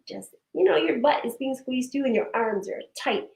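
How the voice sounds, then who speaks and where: A woman leading a guided breathing and movement session, giving slow, soothing cues and affirmations. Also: high voice, gravelly, darkish tone. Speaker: breathwork and wellness instructor. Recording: echoey room.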